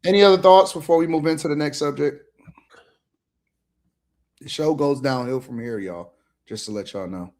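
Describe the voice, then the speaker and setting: A man's voice: a little high, normal speed, pauses often, darkish tone. Male host, laid-back panel talk, reads viewer chat aloud, loose slangy delivery. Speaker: podcast host reading chat.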